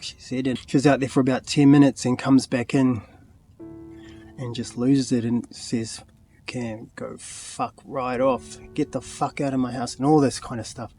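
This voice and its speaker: Halting New Zealand man, faint music behind. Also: mid-range voice, a little mellow. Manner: plain-spoken, halting, full of fillers and asides. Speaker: vlogger. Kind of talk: confessional storytelling to camera.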